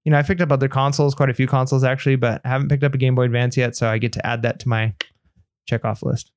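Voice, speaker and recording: A man chats casually on a podcast, telling a story with energy and slipping into the voices of the people in it. His voice sits at a middle pitch. The sound is dry and close, with no room echo. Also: very fast. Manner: animated anecdote telling, acts out quoted dialogue. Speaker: podcast co-host.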